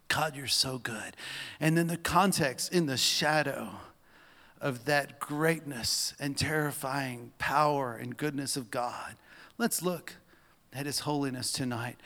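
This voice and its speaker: A man preaching a sermon in a church, moving between soft asides and loud emphasis. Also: medium pitch, measured pace, long reverb tail.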